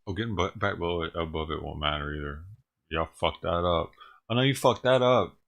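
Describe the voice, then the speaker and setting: A man's voice: low-pitched, fairly quick, gravelly, fairly bright tone, dull audio. A man ranting on his own livestream, talking casually and profanely, rambling and chuckling as he goes. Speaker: livestream streamer.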